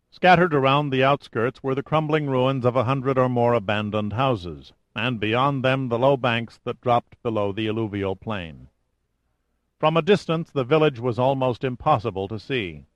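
A man reading an adventure novel aloud in scripted, measured audiobook narration. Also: mid-range voice, no room sound.

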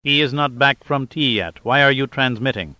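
A man's voice: mid-range voice, moderate pace, bright, forceful tone, dry recording, close to an everyday voice. A man doing a curt robot monitor. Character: brisk male robot monitor in control room.

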